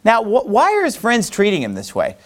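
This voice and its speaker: Animated male Bible teacher. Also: high-pitched, a little fast. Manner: animated, conversational, many fillers. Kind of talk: Bible lesson to a class.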